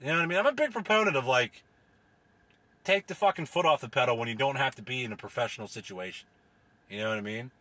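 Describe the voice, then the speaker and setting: A man's voice: medium pitch, expressive, fast talker, bright, forceful tone, dry recording. A man from the US delivering a profane, rambling, exasperated comedic rant as a solo podcast host.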